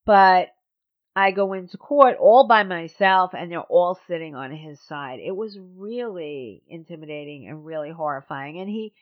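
A woman hosting a podcast, telling a personal story in a blunt, sardonic, animated way. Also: fairly low pitch, moderate pace, highs cut off. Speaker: podcast host.

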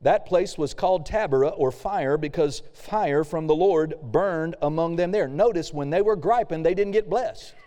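A man's voice: a little high, normal speed, hardly any pauses, warm tone, big-room sound. A male pastor preaching a casual sermon, reading scripture aloud and acting out the quoted complaints.

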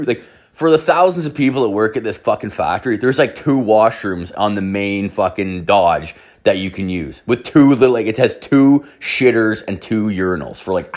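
A young man tells a crude story in a loose, rambling way, swearing and filling every gap with "like". His voice sits on the low side. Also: brisk. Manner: profane, rambling, heavy filler "like".

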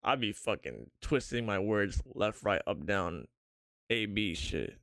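A man's voice: fairly low pitch, animated, unhurried, gravelly, a bit bright, no room sound, studio quality. A young man in casual podcast chat, joking bluntly and swearing freely.

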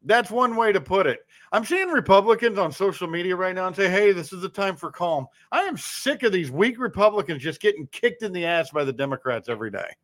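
A man's voice: high voice, big pitch swings, a little fast, few pauses. A man hosting a political talk podcast, blunt and heated. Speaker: podcast host.

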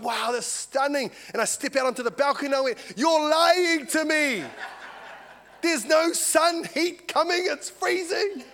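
A man, a lay preacher giving prophetic words and an animated personal testimony. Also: very high voice. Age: 40s. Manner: animated storyteller, swings from soft personal words to loud exclaiming.

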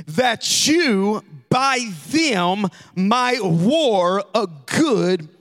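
A man delivers a sermon from the pulpit. His voice sits very high for a man. He moves between hushed, quick asides and loud, sing-song peaks of emphasis. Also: animated. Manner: preacherly, swings from quiet asides to shouted, sung emphasis. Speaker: pastor.

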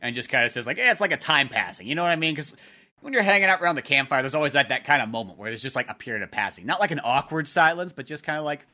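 A man's voice: fairly high pitch, lively intonation, rapid-fire, pushed and bright. A young man co-hosting a podcast, rambling in a casual, laughing way. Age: young adult. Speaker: podcast co-host. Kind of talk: casual chat.

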